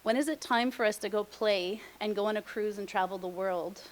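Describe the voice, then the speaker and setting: A woman's voice: medium pitch, fairly quick. A middle-aged woman presenting on aging and senior housing, speaking emphatically and repeating her points, openly emotional. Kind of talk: heartfelt motivational talk.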